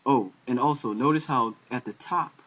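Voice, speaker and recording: Halting man teaching letters, lo-fi audio. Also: mid-range voice, a bit bright. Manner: halting, many fillers and self-corrections. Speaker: language teacher. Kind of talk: casual home-made video lesson. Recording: dull lo-fi home video audio.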